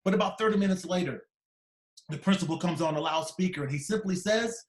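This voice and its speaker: A man in his fifties, the keynote speaker in a large conference hall, tells a personal story dramatically, acting out its characters' voices. He talks fast in a voice that sits high, and the room echoes.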